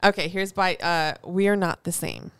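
A woman's voice: fairly low pitch, lively intonation, normal speed, smooth. A young woman co-hosting a podcast, chatting casually, reading tweets aloud and laughing often. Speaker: podcast co-host.

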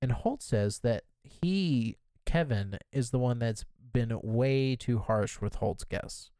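A man co-hosts a podcast and recaps a TV episode in a loose, chatty storytelling style, peppering his speech with "like." His voice sits at a middling pitch for a man. The recording is close and dry, with no room sound. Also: expressive, slow, dark tone, clear, resonant tone, dry recording. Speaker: podcast co-host.

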